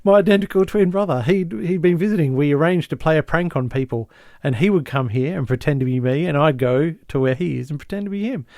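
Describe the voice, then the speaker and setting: A man's voice: fairly high pitch, fast, few pauses, mellow, dry recording, clean studio sound, voice pushed up, lightly acted. A man doing a breezy husband feigning innocence. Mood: bright.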